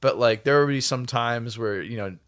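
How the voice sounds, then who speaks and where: A man on a podcast telling a story in an animated, casual way, swearing freely. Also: mid-range voice, moderate pace. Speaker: podcast co-host.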